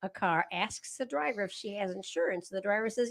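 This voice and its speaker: A woman's voice: mid-range voice, a little fast, vocal fry. A woman co-hosting a casual livestream chat in a studio, giggly as she reads out puns. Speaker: co-host.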